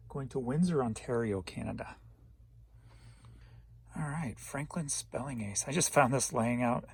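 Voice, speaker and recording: Gravelly-voiced man reading off sales. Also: medium pitch, darkish tone, dry recording. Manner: laid-back, chuckling, lists items one by one. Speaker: online reseller. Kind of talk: casual sales rundown.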